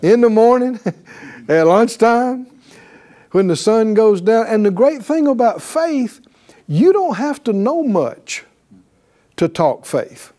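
Slow, high-voiced preacher man. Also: sing-song, warm tone. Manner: emphatic, calls for responses with "right?"; reads scripture aloud, shifts into voiced quotes. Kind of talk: sermon.

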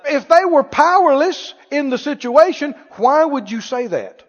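A man preaching a sermon, animated, asking the congregation questions and acting out scenes. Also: extremely high pitch, unhurried. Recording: reverberant church hall, dull lo-fi sound.

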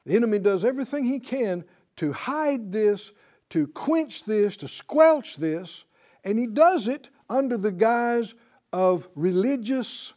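High-voiced man teaching bible class, slow and emphatic, keeps asking the students questions. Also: lively intonation, a little mellow.

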